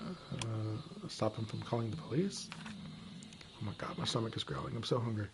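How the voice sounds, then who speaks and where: Man muttering gameplay asides, mid-pitched. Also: expressive, moderate pace, creaky, slight background noise. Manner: muttering asides to himself between lines. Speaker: gameplay streamer. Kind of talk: reading game dialogue aloud with casual commentary.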